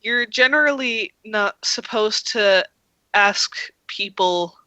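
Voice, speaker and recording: A woman's voice: high voice, very animated, moderate pace, bright, forceful tone, highs cut off, voice pushed up, exaggerated voice. A woman playing a nervous young man in a tabletop role-play, flustered and defensive.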